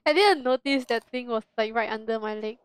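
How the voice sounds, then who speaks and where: A woman's voice: a little high, brisk, smooth, no room sound. Giggly young woman gaming streamer. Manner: giggly, playful, mixes in Chinese words. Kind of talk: casual gaming chat.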